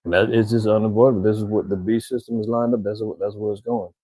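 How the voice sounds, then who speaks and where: Mellow-voiced man ranting casually. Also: on the low side, flat delivery, fast, no room sound, rough recording. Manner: conversational, rambling, slangy, addresses viewers directly. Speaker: vlogger commentator. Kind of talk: casual commentary monologue.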